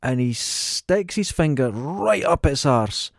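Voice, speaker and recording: A man's voice: mid-range voice, expressive, takes it slowly, creaky, no echo. Joking, sweary Scottish man, dry sound. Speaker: podcast co-host. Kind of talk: casual film chat.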